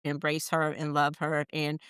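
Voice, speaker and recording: A woman co-hosting a casual chat show, running through entertainment news with wry, deadpan asides. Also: sits low, normal speed, clear, resonant tone, no room sound, clean studio sound. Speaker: podcast co-host.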